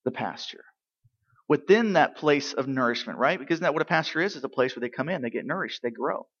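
Male pastor preaching, bright high voice, lots of "right?" questions, bit muffled lo-fi sound. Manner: asks the congregation rhetorical questions, swings from quiet to loud. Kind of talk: sermon.

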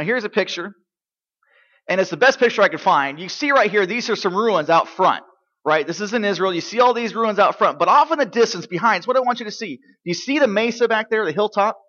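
A man preaching a sermon in church, asking the congregation rhetorical questions and swinging between quiet, low stretches and loud, emphatic ones. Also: brisk, highs cut off. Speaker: pastor.

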